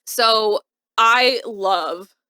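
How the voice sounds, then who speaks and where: A woman co-hosting a casual recap podcast, retelling scenes in an animated way and acting out the characters' lines. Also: a little high, extremely slow, clean tone, no echo, studio quality. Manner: animated retelling, acting out quotes in varied voices. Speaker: podcast co-host recapping a TV episode. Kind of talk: casual chat.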